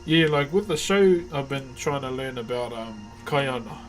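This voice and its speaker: A man's voice: medium pitch, moderate pace, faint music behind. A man with a New Zealand accent chatting casually with viewers on a live stream, easygoing and calling everyone bro. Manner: laid-back, calls viewers brother and bro.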